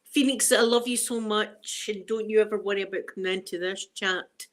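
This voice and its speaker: Scottish mum on a livestream, welling up, warm chatty greetings to everyone. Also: female voice, mid-range voice, fairly even intonation, normal speed. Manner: emotional, tearful, greeting viewers by name. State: holding back tears. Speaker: livestream host. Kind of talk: casual live chat.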